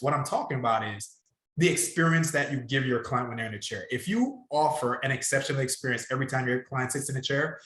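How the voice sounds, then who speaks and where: A man coaching salon owners in a casual podcast chat. He is emphatic and drives his points home by repeating them. His voice sits at a middle pitch, in a room with audible echo. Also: a bit bright.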